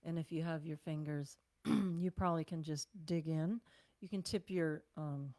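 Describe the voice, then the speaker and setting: An older woman leading a self-care class, giving gentle, unhurried instructions with sighs and breathing cues. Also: sits low, fairly even intonation, no room sound. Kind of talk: guided self-massage class.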